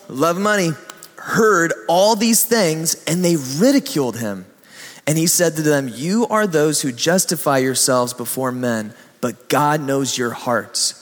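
Man preacher, higher voice, lively storyteller, long hall reverb. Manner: animated storytelling, acts out voices. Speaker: pastor. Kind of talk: sermon.

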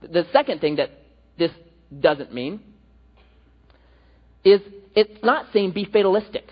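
A man preaching a sermon in an animated, storytelling way, acting out the people he quotes. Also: high-pitched, a little slow. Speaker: pastor. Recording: echoey hall, dull lo-fi.

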